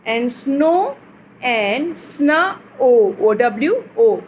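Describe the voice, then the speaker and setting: A woman teaching a young child phonics, reading words slowly and clearly and repeating them. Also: a little high, very animated, a little hiss or hum, rough recording.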